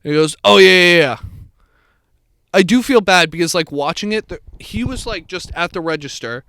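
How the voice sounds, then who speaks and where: A young man co-hosting a podcast tells a long story in casual chat, swearing and playing out the characters. His voice is on the high side, expressive, fairly bright and a little fast, recorded with studio quality and no echo.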